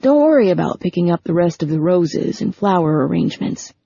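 A woman's voice: fairly low pitch, very animated, brisk, creaky, mellow, husky, dry recording, exaggerated voice. A woman voicing an eager, persuasive young man who talks in a breezy, coaxing way, in a storybook reading. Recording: dull lo-fi recording.

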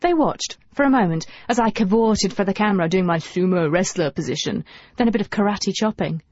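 A woman narrating a first-person novel in a lively, wry, humorous manner. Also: medium pitch, fairly quick, no echo. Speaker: audiobook narrator. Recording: dull dry audiobook recording.

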